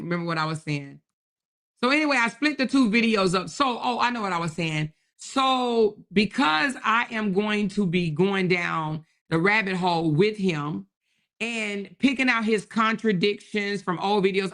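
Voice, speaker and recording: A woman hosts a live stream in a voice of middling pitch, talking casually to her viewers. She is animated and slangy, with plenty of repeated exclamations aimed at her chat. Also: moderate pace.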